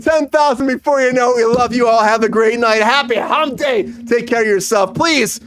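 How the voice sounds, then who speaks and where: A man's voice: very high-pitched, moderate pace, fairly bright tone, no room sound. A man hosting a live comedy show, signing off with a rambling, profane, absurd riff.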